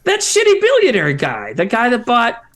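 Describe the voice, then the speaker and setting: A man's voice: extremely high pitch, normal speed, a loud crowd. A man co-hosting a livestream, chatting casually and reading viewer comments aloud with a jokey manner. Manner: lively, jokey, reads out chat. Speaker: comedy troupe member co-hosting a stream.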